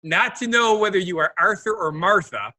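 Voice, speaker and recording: A man's voice: high voice, moderate pace, pushed and bright. A man from the Midwest co-hosting a casual podcast, chatting and reading segments aloud. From American Midwest. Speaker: co-host.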